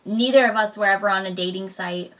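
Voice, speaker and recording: A woman's voice: medium pitch, fast talker, fairly bright tone, recorded from a distance. A young woman chatting casually with her husband, laughing often and acting out what people said. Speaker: vlogger talking with her husband. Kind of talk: casual chat.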